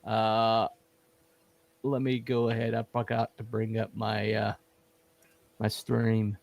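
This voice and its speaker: Halting man quoting scripture. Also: fairly low pitch, monotone, creaky, a little mellow. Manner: quotes scripture, halting with many fillers. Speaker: host. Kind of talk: casual livestream chat.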